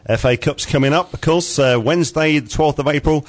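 A man's voice: fairly high pitch, a little fast. A man hosting a radio show, reading a casual sports roundup with frequent fillers and chuckles. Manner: chatty, chuckling, lots of uhs while reading results.

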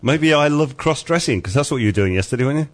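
A man's voice: medium pitch, animated, quick pace. A middle-aged man hosting a casual radio show, teasing and jokey, laughing often. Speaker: radio host.

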